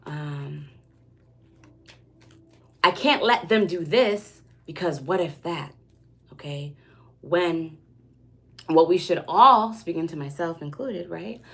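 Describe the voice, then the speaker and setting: Tarot reader, woman, low voice, chatty and reassuring, keeps checking in with listeners. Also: animated, slow, gravelly, pauses often, breathy edge. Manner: conversational, tag questions like "okay?" and "right?". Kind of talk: spiritual reading monologue.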